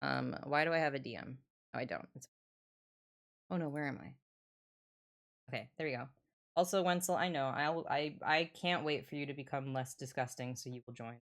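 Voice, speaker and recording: Low-voiced, chatty woman streamer. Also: moderate pace, vocal fry, pauses often. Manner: chatty, joking, swearing. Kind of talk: casual livestream chat.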